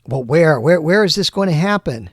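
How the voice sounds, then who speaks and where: A masked spider hero, earnest and direct, voiced by a man running a solo game. His questions come in a slightly high, gravelly voice. The recording is dry and close. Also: lively intonation, normal speed, dry recording. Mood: pressing.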